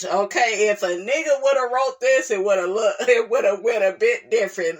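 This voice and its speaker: This is a woman running a gossip commentary channel, and she sounds sassy and animated. Her pitch leaps up and down as she tosses off asides and laughs at what she reads. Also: moderate pace, few pauses, slightly rough.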